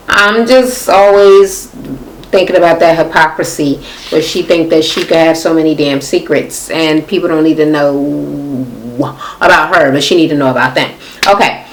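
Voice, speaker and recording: A woman's voice: medium pitch, a bit bright, rough recording. A young woman casually recapping a reality show, sassy and profane, mimicking the cast in mocking voices.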